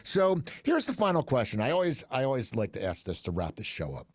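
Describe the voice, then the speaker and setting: A man's voice: mid-range voice, fairly quick. A man hosting a podcast in a recording studio, chatting casually and joking with his guests. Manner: lively, jokey, mimics others. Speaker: podcast host. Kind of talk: casual interview chat.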